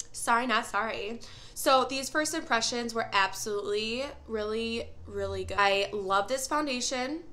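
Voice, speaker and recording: A woman's voice: on the high side, sharp tone. A young woman filming a casual first-impressions makeup review, gushing and exclaiming as she tries products. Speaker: beauty vlogger.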